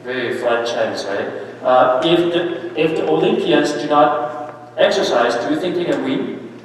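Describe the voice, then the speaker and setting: Lively priest preaching in an echoey church. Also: male voice, a little high, measured pace, slight background noise. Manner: checks in with listeners with frequent "right?" and "okay?"; lively and emphatic, with sudden rises on key points. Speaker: priest giving a parish mission. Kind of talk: conversational sermon. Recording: echoey church hall, mic at a distance.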